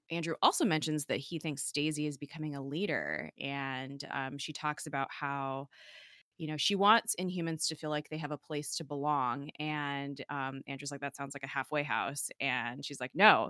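A woman with a low voice and a bright, forward tone talks through a TV episode in casual chat. She piles on fillers and laughs often, and the sound is close and dry. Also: clear, resonant tone, no echo. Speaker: podcast co-host recapping a TV episode.

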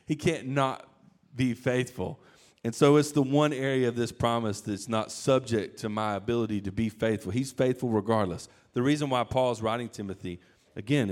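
A man preaching a sermon in a conversational, animated way, acting out quoted lines. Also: lowish voice. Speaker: pastor.

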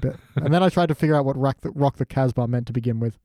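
A man's voice: medium pitch, quick pace, warm tone, dry recording, studio quality. A man co-hosting a casual rewatch chat, wry and joking, acting out lines from the show. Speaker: podcast co-host.

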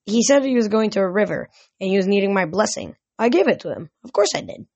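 A woman's voice: mid-range voice, expressive, fast, a little mellow, dry recording, muffled recording. A woman voicing a frail, confused old mother who talks sweetly and dreamily while reading a novel aloud. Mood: dotty.

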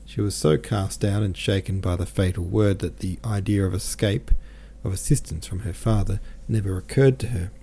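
A man reading a classic novel aloud as an audiobook narrator, in a measured, even storytelling manner. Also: low voice, slight background noise. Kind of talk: scripted literary narration.

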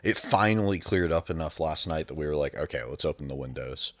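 A man's voice: very deep voice, lively intonation, fairly quick, a bit bright, dry recording, studio quality. A man from the Pacific Northwest of the United States chatting casually on a podcast, laid-back and cursing now and then.

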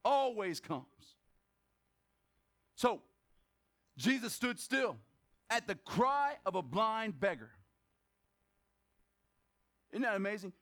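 A pastor preaching a lively sermon at a church service, asking the congregation questions, making joking asides and bursting into shouts for emphasis. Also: male voice, high voice, slow pace, long pauses.

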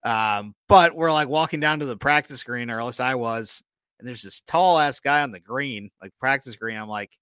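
This podcast co-host has a mid-range, fairly bright, resonant voice that comes through clearly with no echo, at a moderate pace. He tells rambling stories in a casual chat and keeps apologizing for his own jokes.

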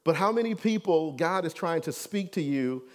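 Pastor with a fairly high voice. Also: male voice, lively intonation, moderate pace. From Detroit, USA. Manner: conversational, keeps checking in with "right?". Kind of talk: storytelling sermon.

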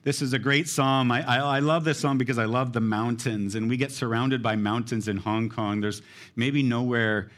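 A man's voice: mid-range voice, fairly even intonation, moderate pace, fairly bright tone. Earnest male pastor explaining scripture. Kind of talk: sermon.

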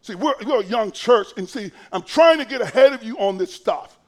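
A middle-aged male pastor with a strikingly high voice delivers a sermon. He talks folksy and conversational, then suddenly raises his voice to a shout for emphasis before dropping back to a near hush. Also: lively intonation, normal speed, hardly any pauses. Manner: impassioned preaching that swings between hushed and shouted.

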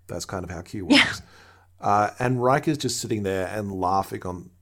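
A man's voice: on the low side, lively intonation, normal speed, few pauses, a bit bright. A man co-hosting a podcast who recaps and explains things in an easygoing, casual way. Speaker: podcast co-host. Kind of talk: casual chat.

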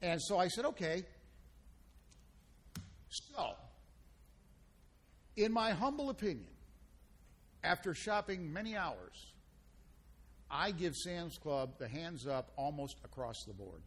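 A man's voice: fairly high pitch, very animated, slow pace, pauses often, a bit bright, breathy edge. A man, hosting a casual radio food show and telling folksy stories with playful banter.

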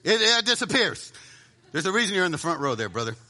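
Animated, bright-voiced male preacher. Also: sits high, fast. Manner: dramatic, drops to a hushed voice for emphasis, acts out inner voices. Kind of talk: sermon.

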